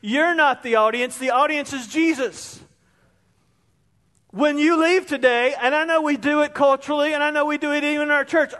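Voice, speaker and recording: Man, pastor, very high voice, impassioned sermon, long hall reverb, church sanctuary. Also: steady tone, normal speed. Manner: impassioned preaching, rising to near shouts.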